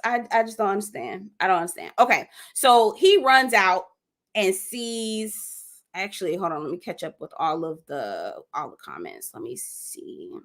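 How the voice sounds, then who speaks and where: A bright, forceful woman's voice, hosting a casual live stream. She is animated and sassy and talks straight to her viewers. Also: mid-range voice. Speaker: host of a live gossip show.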